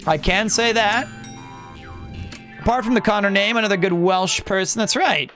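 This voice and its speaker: Man, high voice, game streamer, rambling casual chat, self-correcting, faint music behind. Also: normal speed, a bit bright. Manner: rambling, chatty, answers chat, corrects himself. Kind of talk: casual live-stream chat while gaming.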